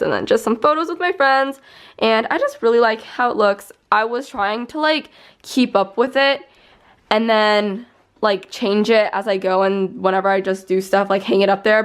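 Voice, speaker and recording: A young woman vlogger rambling casually through a tour of her bedroom, filling her talk with "like" and "I guess". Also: mid-range voice. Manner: chatty, rambling, heavy use of "like". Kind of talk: casual room tour vlog. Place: bedroom, indoors.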